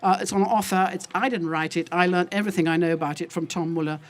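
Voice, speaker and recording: An older woman giving an emphatic, indignant and rambling talk to a festival audience as an olive oil seller, addressing them as ladies and gentlemen. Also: quick pace. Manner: lively, with wide jumps in pitch. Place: outdoor food festival.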